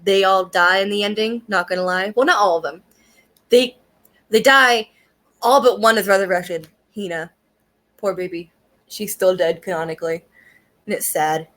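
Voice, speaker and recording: A woman's voice: medium pitch, normal speed, pauses often, a bit bright. A young woman casually reviewing an anime, talking in a chatty, profane way and filling her sentences with "like" and "um.". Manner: chatty and profane, with frequent fillers and laughs.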